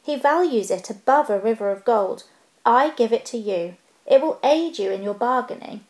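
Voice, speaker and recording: A woman voicing a small, earnest male hobbit who talks with prim, businesslike courtesy and a slight squeak. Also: lively intonation, moderate pace, a little mellow, natural voice. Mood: polite, earnest. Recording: roomy echo.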